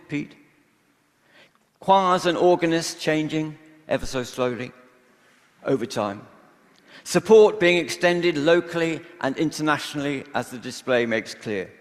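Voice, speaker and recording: A vicar giving a measured, reflective sermon in a church, pausing often between phrases. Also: male voice, fairly high pitch, a bit bright. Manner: measured, reflective preaching with pauses. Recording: long church reverb.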